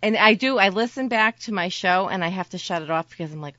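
A woman's voice: medium pitch, fast, pushed and bright, no echo, lo-fi sound. A woman from Boston with a Boston accent, co-hosting a radio show, in casual banter and laughing often. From Boston area. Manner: laughs often, self-deprecating.

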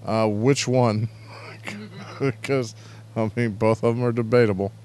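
A man's voice: medium pitch, fairly even intonation, slow pace, darkish tone, slight background noise. A man hosting an internet radio show, chatting casually and crudely, rambling and reading out chat messages. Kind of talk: casual live-stream chat.

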